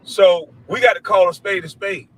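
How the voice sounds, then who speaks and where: High-voiced man ranting hard. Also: moderate pace, poor audio. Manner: profane, loud and preachy, mimics others in high voices. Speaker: show host. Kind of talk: heated commentary rant.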